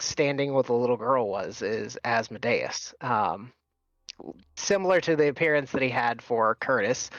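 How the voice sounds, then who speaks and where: A man's voice: medium pitch, a bit bright, no echo. A man running a tabletop game as game master, narrating casually with many fillers. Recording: dull, dry recording.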